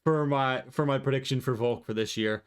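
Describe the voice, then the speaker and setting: A man's voice: mid-range voice, a little fast, smooth. A man talking casually and profanely through his predictions, rambling and opinionated, on a desk mic. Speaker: MMA commentator vlogger.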